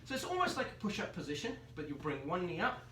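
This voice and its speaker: A man's voice: high voice, big pitch swings, fast, sharp tone. A man teaching phys ed, demonstrating exercises and counting reps aloud while out of breath. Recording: roomy echo, distant mic, faint background noise.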